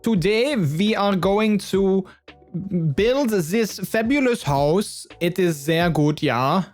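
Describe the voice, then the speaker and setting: Man playing a jolly German architect, exaggerated mock German accent, slow hammy delivery, fairly high voice. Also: expressive, soft background music. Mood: cheerful hammy. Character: comic male German architect, cheerful and hammy.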